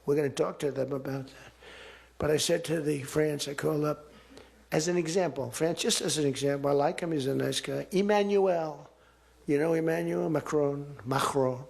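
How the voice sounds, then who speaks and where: Man, political speech, rambling and boastful, gravelly voice, slightly high pitch. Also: fairly even intonation, normal speed, darkish tone. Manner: rambling, boastful storytelling with repetition. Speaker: political speaker. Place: large auditorium.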